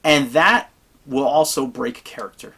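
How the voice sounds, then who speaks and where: In an unscripted monologue, a gamer offers tabletop role-playing advice, drifting from one point to the next. His delivery is blunt and emphatic, unhurried yet pushed and bright, with a breathy edge. The voice sits at an ordinary middle pitch.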